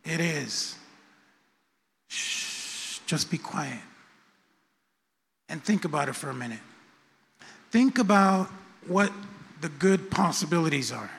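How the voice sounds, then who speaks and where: Guy doing the holy spirit, calm and coaxing, kinda high voice, slow, big hall echo. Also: creaky, heavily acted. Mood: soothing. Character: calm patient male Holy Spirit guiding.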